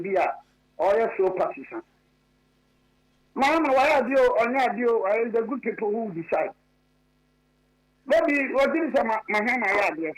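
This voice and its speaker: High-pitched, emphatic man. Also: low-quality recording. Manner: emphatic, repeats his points insistently. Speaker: political commentator. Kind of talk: radio talk show debate.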